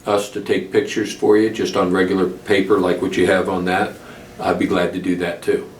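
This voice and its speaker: A man's voice: low voice, little pitch movement, moderate pace, a little hiss or hum. A man interviewing a veteran, friendly and accommodating, in casual chat. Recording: distant echoey room with faint ambience.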